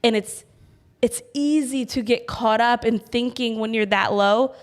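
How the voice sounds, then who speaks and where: A young adult woman co-hosting a podcast in casual chat, talking in an animated, giggly way. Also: a little high, measured pace. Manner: animated, giggly, visual storyteller. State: pregnant. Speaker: podcast co-host.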